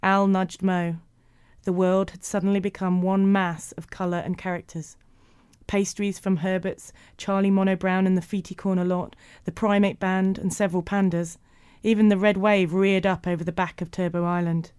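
Woman narrating a storybook, even measured telling, crisp clear voice. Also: medium pitch, no room sound, studio quality.

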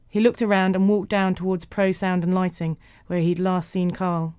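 A woman narrating a storybook in an even, measured way. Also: lowish voice, clear, resonant tone, dry recording, studio quality.

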